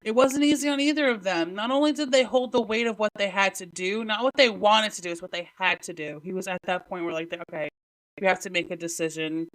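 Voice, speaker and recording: A woman hosting a podcast, talking alone in a halting, emotional way with many restarts, close to tears. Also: medium pitch, low-quality recording. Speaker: podcast host. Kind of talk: solo podcast talk.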